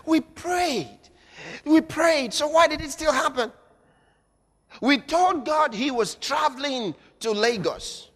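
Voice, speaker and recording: High-voiced dramatic male preacher. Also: takes it slowly. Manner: dramatic, shouting at peaks then dropping quiet, acts out scenes. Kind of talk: sermon. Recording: echoey hall.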